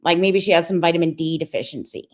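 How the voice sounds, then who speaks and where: A woman's voice: fairly low pitch, quick pace. A young woman hosting a stream, reacting to a clip with sarcastic, gossipy commentary and greeting her viewers. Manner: sarcastic and critical.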